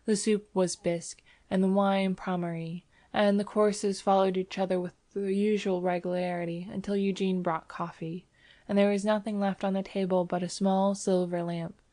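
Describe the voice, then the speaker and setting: A woman's voice: mid-range voice, little pitch movement, normal speed, warm tone, no room sound. Woman audiobook narrator, dry close sound. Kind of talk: scripted narration.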